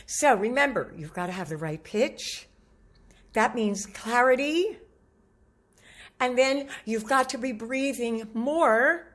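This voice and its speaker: A woman vocal coach giving a lively spoken lesson on voice use, demonstrating pitches as she talks. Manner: animated, demonstrates low and high pitches.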